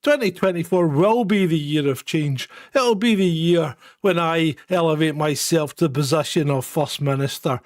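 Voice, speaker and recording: A man's voice: on the high side, moderate pace, hardly any pauses, no room sound, clean studio sound, lightly acted. A Scottish man playing a pompous politician who gloats about becoming a dictator, in a sneering mock-menacing New Year speech. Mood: gloating. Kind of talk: satirical parody speech.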